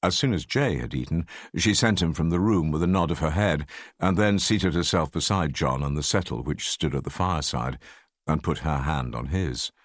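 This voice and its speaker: A man reading an audiobook, narrating in an expressive, measured way. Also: a bass voice, no room sound. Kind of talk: scripted narration.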